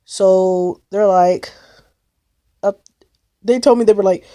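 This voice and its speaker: A woman's voice: mid-range voice, steady tone, slow pace, mellow, no echo, studio quality. Young woman rambling through a story. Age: young adult. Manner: rambling, breathless retelling with many likes and repeats. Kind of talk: casual storytelling vlog.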